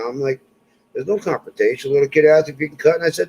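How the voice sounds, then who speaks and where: In a low-quality, slightly rough recording, a man with a fairly high voice speaks quickly while telling personal stories in casual conversation. He's animated throughout and acts out the voices of the people he quotes.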